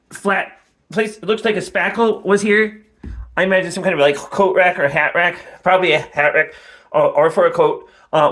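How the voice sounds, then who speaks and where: A man hosting a comedy show, rambling in a deadpan way with many ums and uhs. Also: fairly high pitch. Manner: rambling, deadpan, full of fillers. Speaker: comic host.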